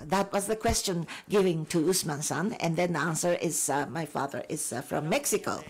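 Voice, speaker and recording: A woman's voice: sits low, slightly rough. A woman working as an interpreter at a film panel, putting audience questions and panel answers into English phrase by phrase. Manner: halting, phrase-by-phrase delivery.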